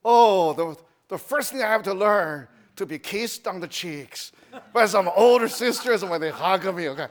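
A middle-aged man from China speaks in a high, expressive voice at normal speed. As a church speaker, he gives a testimony sermon in broken English with a Chinese accent and many restarts.

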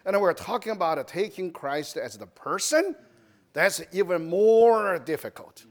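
Animated Chinese-accented man preaching. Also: high-pitched, a little slow. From China. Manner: animated, repetitive, with broken English and restarts. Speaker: church speaker. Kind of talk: testimony sermon.

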